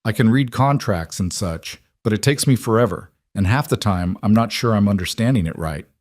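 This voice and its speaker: Male narrator voicing a frontier cowboy; earnest, plain-spoken, gentle but firm, low-voiced. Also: lively intonation, moderate pace, no echo, studio quality.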